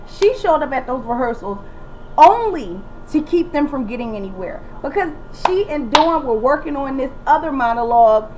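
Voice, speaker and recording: A woman's voice: high voice, lively intonation, moderate pace, background noise. A young woman casually recapping a reality TV episode, sassy and blunt, mimicking the people she talks about.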